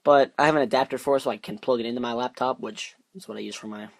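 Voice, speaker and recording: A man's voice: medium pitch, very fast, gravelly, no room sound. A man chatting casually while unboxing off camera, rambling and muttering to himself as he fumbles, recorded by a camera on a tripod. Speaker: unboxing vlogger.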